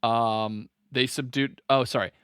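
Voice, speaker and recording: A man's voice: medium pitch, fairly even intonation, a bit bright, clear, resonant tone, no echo, studio quality. A man co-hosting a true-crime podcast, reading the case aloud and often breaking off to joke and laugh. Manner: reads story notes quickly, breaks off to joke and laugh. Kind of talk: casual comedy podcast chat and reading.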